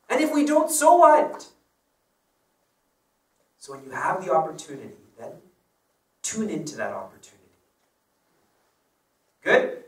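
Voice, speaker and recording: A man teaching as a spiritual teacher, telling personal stories in a chatty way and laughing along with them. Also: fairly high pitch. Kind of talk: devotional discourse with personal stories. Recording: roomy sound from a distant mic.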